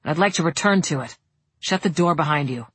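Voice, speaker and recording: A woman voicing a calm, protective young man who speaks dryly and firmly in a storybook. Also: low-pitched, fairly quick, slightly rough, dry recording. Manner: calm, dry, firm.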